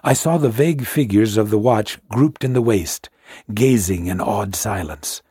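A man narrating a classic sea story in a measured, hushed storytelling manner. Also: on the low side, breathy edge, no room sound, studio quality. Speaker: audiobook narrator.

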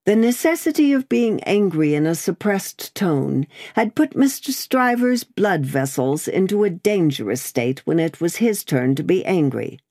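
Brief: a woman reading a classic novel aloud, measured, with a wide, expressive pitch. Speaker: narrator. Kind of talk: audiobook narration of a classic novel.

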